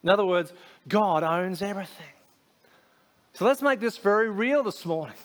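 A man's voice: sits high, animated, moderate pace. A man preaching a sermon as a pastor, conversational, with frequent fillers and restarts.

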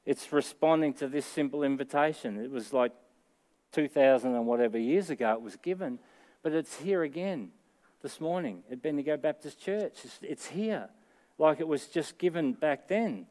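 A man's voice: on the high side, normal speed, darkish tone. A middle-aged man with an Australian accent, preaching a sermon in an earnest, conversational way that rises to emphatic peaks. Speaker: pastor.

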